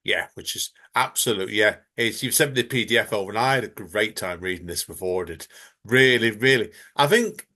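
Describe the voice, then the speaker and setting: A man's voice: fairly low pitch, fairly quick, pushed and bright. A man hosting a podcast interview, enthusiastic and effusive in his praise of his guest. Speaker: podcast host. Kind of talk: casual interview.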